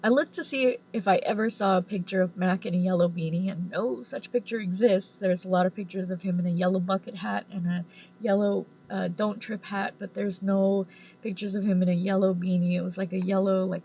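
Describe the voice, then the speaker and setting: Tarot lady rambling thru a story, kinda breathy husky voice, says like a lot. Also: medium pitch, fairly even intonation, moderate pace, darkish tone, low-quality recording. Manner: rambling, full of "like", swearing. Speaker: tarot reader. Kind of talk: casual storytelling to camera.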